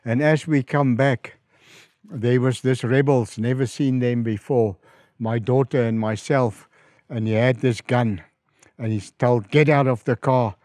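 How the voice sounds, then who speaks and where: Animated South African pastor, dry sound. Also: male voice, measured pace, no echo. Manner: animated storyteller, rises in pitch and volume acting out quoted calls. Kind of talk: storytelling in an interview.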